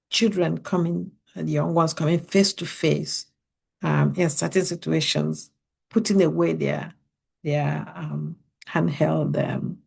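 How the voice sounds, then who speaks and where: A woman's voice: low voice, gravelly, a little mellow, breathy edge. A middle-aged woman from Africa hosting a podcast, speaking earnestly and putting question after question to parents. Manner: earnest, poses many questions to listeners. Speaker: podcast host.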